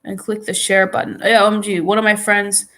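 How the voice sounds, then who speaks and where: A woman rambles through a casual live stream, her voice stuffy from a runny nose. She talks loosely and keeps restarting her thoughts, circling back with filler words. Her pitch sits mid-range for a woman. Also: flat delivery, a little fast, pushed and bright. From New York. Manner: chatty, rambling, restarts sentences often.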